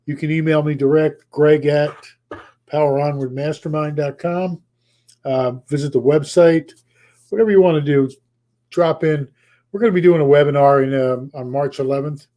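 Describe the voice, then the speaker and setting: A man's voice: on the high side, steady tone, normal speed, highs cut off. A man running a motivational real estate sales coaching session, emphatic and repeating his key points, his voice getting tired. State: voice tiring.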